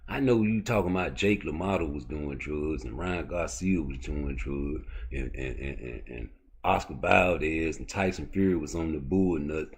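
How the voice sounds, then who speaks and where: Very deep, husky man ranting about boxing. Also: normal speed. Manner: profane, confrontational, rhetorical questions. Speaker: boxing commentary host. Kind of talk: unscripted rant to a live chat.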